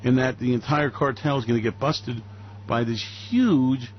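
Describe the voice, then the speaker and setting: A man giving animated radio market commentary, telling it as a story and acting out quoted voices. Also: medium pitch, moderate pace, dull audio, a little hiss or hum.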